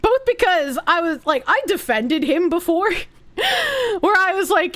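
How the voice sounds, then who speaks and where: A streamer talks slowly and casually to her chat, crude and teasing, often dissolving into laughter. Her voice sits high and swings lively in pitch.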